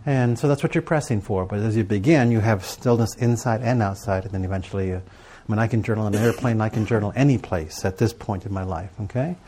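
A man's voice: fairly low pitch, quick pace, hardly any pauses, warm tone, slight background noise. A middle-aged man giving a sermon to a live audience, telling stories and asking rhetorical questions in a conversational way. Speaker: preacher teaching on prayer and journaling.

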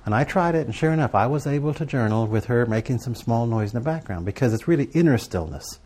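A man's voice: medium pitch, lively intonation, fast talker, darkish tone. A middle-aged man giving a sermon to a live audience, telling stories and asking rhetorical questions in a conversational way. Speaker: preacher teaching on prayer and journaling.

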